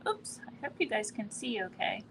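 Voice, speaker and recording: A woman doing a live painting demonstration, relaxed and thinking aloud as she works, often trailing off mid-sentence. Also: mid-range voice, normal speed, gravelly, slight background noise. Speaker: art instructor. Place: quiet indoor studio in a building.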